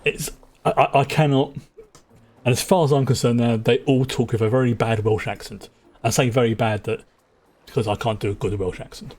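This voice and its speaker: Brief: London streamer, husky mid-pitch voice, rambling casual game talk. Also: male voice, fairly even intonation, a little fast, darkish tone. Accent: London English. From England. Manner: rambling, chatty, with frequent restarts. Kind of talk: casual gameplay commentary.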